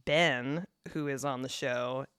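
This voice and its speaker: A woman's voice: rumbling low, steady tone, slow, fairly bright tone, smooth, no echo, studio quality. A woman co-hosting a podcast in casual chat, rambling and often laughing. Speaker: podcast co-host.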